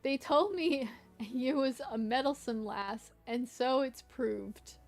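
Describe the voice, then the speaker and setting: A rough-talking male rogue guild recruiter from a fantasy game, read aloud by a woman. The lines come slowly and gravelly, pitched a little high. Faint game music plays underneath. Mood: gruff. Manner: reading game dialogue aloud in a rough, slangy tone.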